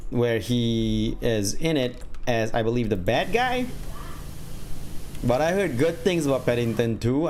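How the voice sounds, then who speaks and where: A man's voice: medium pitch, darkish tone, slight background noise. A young man chatting casually while streaming a game, rambling and laughing often. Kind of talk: casual gaming stream chat.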